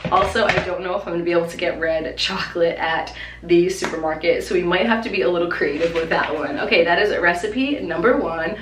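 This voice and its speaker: Young woman vlogger, bubbly gushing chat, mic set back in a roomy space. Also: mid-range voice. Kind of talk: casual chat. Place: at home. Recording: echoey room, mic far off.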